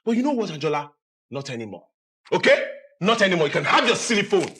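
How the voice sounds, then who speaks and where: A man's voice: high voice, big pitch swings, very fast, fairly bright tone, slightly rough, full character voice. An actor playing a bitter husband who confronts his wife in a film drama. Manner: bitter, accusing, heated. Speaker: film character.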